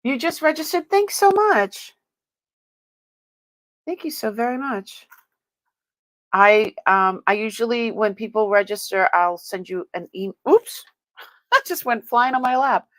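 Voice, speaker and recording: A woman's voice: a little high, animated, a little slow, a bit bright, no room sound. A woman hosting a live-stream sale, chatting as she unboxes and tests items, exclaiming often and laughing as she goes.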